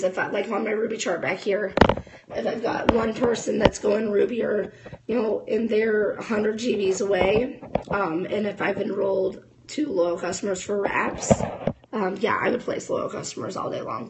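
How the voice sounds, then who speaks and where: Chatty fired-up woman with a gravelly edge. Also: mid-range voice, noisy background. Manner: chatty, fired-up, addresses viewers as guys. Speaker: network marketing distributor. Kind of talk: casual motivational talk to camera.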